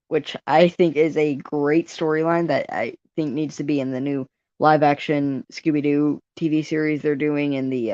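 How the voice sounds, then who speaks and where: A woman rants at home in a casual, rambling way, full of sarcastic asides that she laughs at herself. Her voice sits slightly low. The recording is dull and lo-fi, with a dead-dry sound and no room echo. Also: darkish tone. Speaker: vlog host. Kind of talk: casual ranting monologue.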